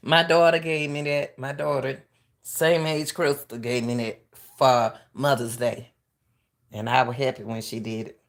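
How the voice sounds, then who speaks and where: This retired track coach, a middle-aged woman, speaks in a very deep, creaky voice with little pitch movement and a measured pace while hosting live commentary. Impassioned and harsh like a coach, she keeps repeating herself to viewers.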